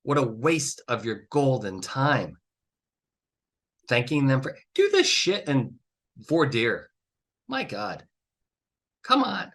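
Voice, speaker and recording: A trial consultant hosting his own podcast offers blunt, emphatic advice with cursing and exasperated outbursts. His medium-pitched, slightly bright voice swings widely in pitch, moving slowly with long pauses.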